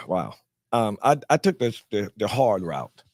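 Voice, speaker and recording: A fairly low-pitched man from North Carolina speaks slowly as an actor guest recounting his life in an interview. He acts out those he quotes with animation and often restarts with repeated words; the recording is dry and studio quality.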